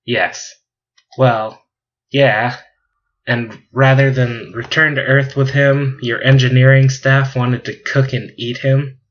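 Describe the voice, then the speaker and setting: A man's voice: medium pitch, level tone, slow pace, fairly bright tone. A man voicing a character who scolds the captain and explains things in a reproachful manner, on a dull lo-fi recording. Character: man lecturing the captain, male.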